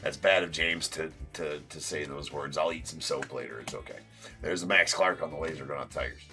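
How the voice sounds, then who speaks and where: Casting: low, bright-toned man, relaxed card break streamer, faint music under him. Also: brisk. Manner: loose, chatty, swears then apologizes jokingly. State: sore tooth.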